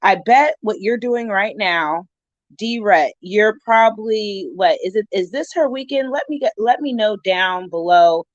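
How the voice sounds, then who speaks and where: A woman's voice: medium pitch, measured pace, no echo. Opinionated mother on a dull recording. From California. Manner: opinionated, talks straight to the viewer. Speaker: vlogger reacting to another channel. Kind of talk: casual reaction vlog. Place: home at night. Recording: dull lo-fi sound.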